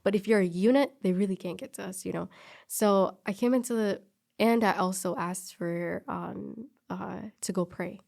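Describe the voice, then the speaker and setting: A woman's voice: mid-range voice, moderate pace, vocal fry. A young woman telling a personal story in casual chat, acting out the people she quotes. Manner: animated storyteller who acts out quoted people.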